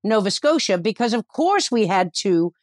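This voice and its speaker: A woman's voice: medium pitch, sing-song, normal speed, darkish tone, no echo, studio quality. Salty Newfoundland woman telling stories. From Newfoundland, Canada. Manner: salty, irreverent storyteller who swears freely. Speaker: comedian guest. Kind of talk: casual interview chat. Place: at home, remote interview.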